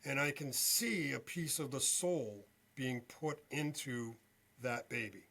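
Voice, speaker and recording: A male veteran and podcast guest telling a story in an animated way, often checking in with "okay?". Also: medium pitch, slow, slightly rough. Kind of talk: storytelling interview.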